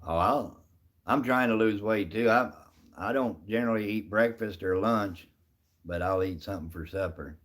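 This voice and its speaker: A man's voice: on the low side, moderate pace, a bit bright. Folksy man chatting on a livestream. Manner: chatty, folksy, answers viewers by name. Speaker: livestream host reading chat. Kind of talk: casual live chat.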